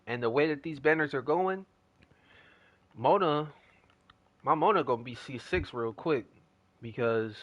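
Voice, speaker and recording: A man's voice: medium pitch, lively intonation, a little slow, long pauses, dry recording, dull audio. A young man chatting casually as a gaming streamer, telling a rambling story in slangy talk.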